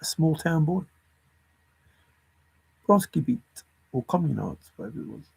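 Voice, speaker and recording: A man's voice: fairly high pitch, big pitch swings, a little slow, creaky, a little mellow, husky, no echo. A man rambling alone through lists of words and clues, chuckling to himself as he thinks aloud. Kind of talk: rambling solo puzzle musing.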